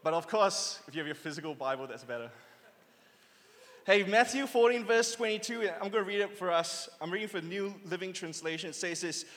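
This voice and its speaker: Youth pastor, man in his 30s, high voice, urges call-and-response; hall reverb. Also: a little fast. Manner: lively, urging the crowd to call back. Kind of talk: sermon.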